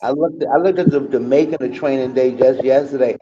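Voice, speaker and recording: A man in casual chat, telling stories in a relaxed, laid-back way. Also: mid-range voice, quick pace, highs cut off, background noise.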